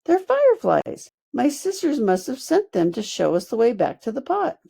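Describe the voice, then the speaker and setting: Woman voicing a high, eager fairy girl. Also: huge pitch swings, moderate pace, creaky, husky, heavily acted. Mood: excited. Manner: bright and eager. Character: cheerful young female fairy, brave and hopeful.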